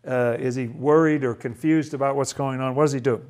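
A man's voice: medium pitch, fairly even intonation, brisk, a little mellow. A man leading a casual Bible study, talking through a passage and asking lots of questions, with frequent restarts. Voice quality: asks lots of questions, chatty, stumbles and restarts.

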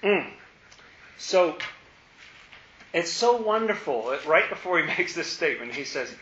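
A man teaching a Bible study, playful and animated, acting out the lines he quotes. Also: on the high side, a little slow, long pauses. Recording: roomy, dull lo-fi.

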